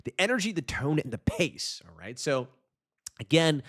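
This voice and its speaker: A man teaching public speaking on a podcast, fast-talking by nature, with frequent restarts and big swings in pitch for emphasis. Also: very animated, a bit bright. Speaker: English teacher.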